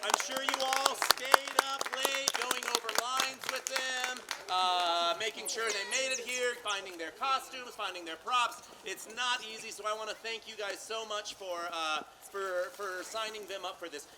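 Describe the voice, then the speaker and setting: A man's voice: high-pitched, normal speed, few pauses. A man, a youth theatre director, gives a post-show curtain speech on an outdoor stage, upbeat and grateful, with frequent "uh" fillers. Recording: loud crowd and background noise.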